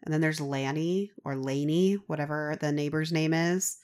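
A woman co-hosting a book podcast, chatting in a relaxed way and moving the talk on to the next character. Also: low-pitched, normal speed. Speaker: podcast co-host. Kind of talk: casual book chat.

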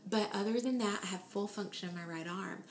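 A woman's voice: medium pitch, fairly quick, reverberant, slight background noise. Earnest woman telling a faith story. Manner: earnest, emotional storytelling with animated quoted voices. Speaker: guest sharing her testimony. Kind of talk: conversational faith testimony.

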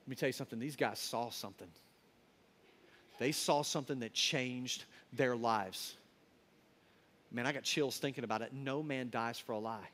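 A man's voice: mid-range voice, normal speed, long pauses, fairly bright tone. A man preaching a sermon in a colloquial, emphatic storytelling manner.

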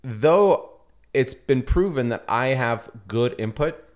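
Podcast guy rambling and joking, pitch jumps all over, office setup. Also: expressive, slow, a little mellow. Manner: rambling, with joking asides and restarts. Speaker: podcast co-host. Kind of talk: casual chat.

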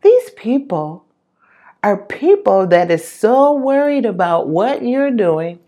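A woman's voice: medium pitch, very animated, slow, dark tone. A woman giving an earnest, encouraging motivational monologue and repeating phrases for emphasis.

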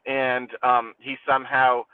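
Male comic on a tinny call line, animated crude riffing. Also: mid-range voice, unhurried, clean tone, far from the mic. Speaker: comedian. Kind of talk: casual podcast chat.

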